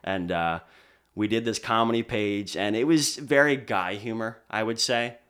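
A young man from Pennsylvania, a DJ guest on a podcast, telling stories in relaxed casual chat, full of fillers. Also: fairly low pitch, normal speed, clear, resonant tone. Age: young adult. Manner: relaxed storyteller, many fillers like "like". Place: podcast studio.

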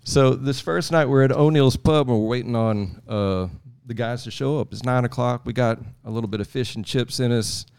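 A man's voice: mid-range voice, moderate pace, few pauses, a little mellow, smooth. A man from Texas, telling a rambling, folksy travel story as a podcast guest. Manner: rambling, folksy, chuckling asides. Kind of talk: casual storytelling.

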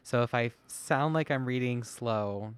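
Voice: mid-range voice, a little slow, clean tone. A podcast co-host reading research notes from a phone, with self-deprecating, chatty asides. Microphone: podcast mic, masked.

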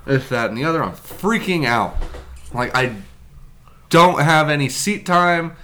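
A man's voice: a little high, lively intonation, a little slow, bright, forceful tone. Laughing, swearing young man telling a story. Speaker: podcast host telling a story. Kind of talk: casual chat.

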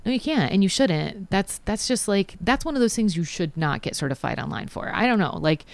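Here the woman sounds sing-song and creaky, her voice on the low side and fairly quick, with no echo. As a psychic and Reiki practitioner interviewed casually, she talks about her healing practice in a chatty way, telling stories and performing quotes.

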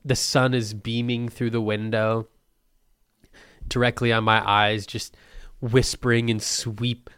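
Slow, rambling, profane podcast man. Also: medium pitch, little pitch movement, a bit bright, clean tone, no echo, clean studio sound. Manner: manic, profane, loopy. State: phlegmy throat after illness. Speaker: podcast host.

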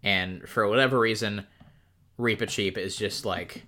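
A woman's voice: very deep voice, steady tone, measured pace, background noise. A woman co-hosting a podcast, chatting casually about a book with a sarcastic edge and frequent laughs. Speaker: podcast co-host.

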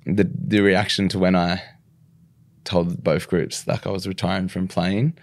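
A young man, a rugby league player and coach, chatting casually in an interview with a relaxed, rambling manner full of restarts. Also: sits low, a little slow, no room sound. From Australia.

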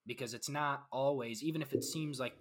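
A man's voice: mid-range voice, a little fast. A man co-hosting a casual podcast, giving laid-back, earnest advice. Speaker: podcast co-host.

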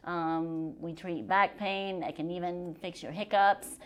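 A woman physician talks as a guest on a podcast, her voice sitting a little low. She is chatty and quick to joke, and she explains treatments in plain, everyday terms. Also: steady tone, smooth. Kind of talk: podcast interview.

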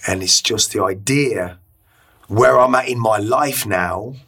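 A man being interviewed as a guest, speaking candidly and reflectively, often halting and repeating words. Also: fairly low pitch, gravelly, a bit bright, slightly rough.

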